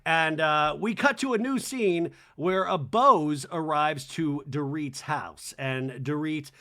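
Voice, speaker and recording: A man's voice: on the high side, slow pace. A man hosting a podcast, recapping a reality TV episode in a chatty way and acting out the cast's lines. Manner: lively, acts out cast members' lines in exaggerated voices; chatty and conversational, with "right?" tags. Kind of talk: animated solo recap commentary.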